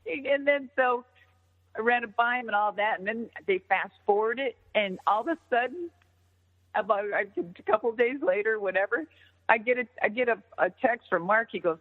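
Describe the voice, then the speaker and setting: A woman's voice: a little high, normal speed. A middle-aged woman, a former wrestler, telling stories in a casual interview, swearing freely and acting out what others said. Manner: profane, animated, acts out others' lines. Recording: tinny phone-line audio with long reverb.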